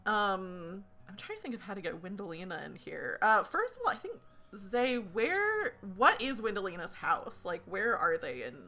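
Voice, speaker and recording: A woman's voice: mid-range voice, wildly swooping pitch, moderate pace, pushed and bright. A woman running a tabletop game, narrating loosely with lots of fillers. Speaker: game master.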